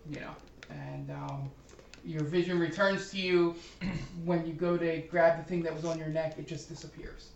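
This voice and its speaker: A man's voice: on the high side, steady tone, normal speed, roomy sound, far from the mic, lo-fi sound, a little hiss or hum. A man narrating as game master of a tabletop game, describing scenes hesitantly with many ums.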